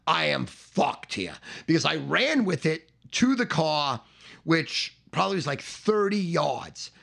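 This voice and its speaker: A middle-aged man telling a profane comic story, animated and swearing, acting out the shouting voices in it. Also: on the high side, a little slow, creaky. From Staten Island, New York.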